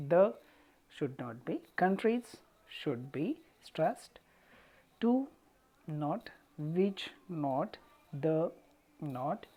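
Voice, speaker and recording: A woman's voice: low voice, dark tone, husky. A woman explaining an English textbook exercise step by step, with frequent "see" and "so". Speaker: college English teacher.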